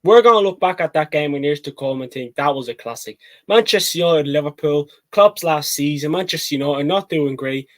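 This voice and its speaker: Excitable higher-voiced football fan man. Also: brisk, no room sound, rough recording. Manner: excitable, rambling, says "mate" often. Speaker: football podcast co-host. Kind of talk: casual match-reaction chat.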